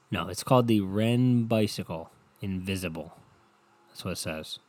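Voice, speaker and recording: A young man hosting a rambling solo podcast from home, swearing a lot and mocking himself, dropping from low mutters into loud bursts. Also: normal speed. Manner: profane, self-mocking, drifting between muttering and loud bursts. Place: home, no studio. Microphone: home podcast microphone.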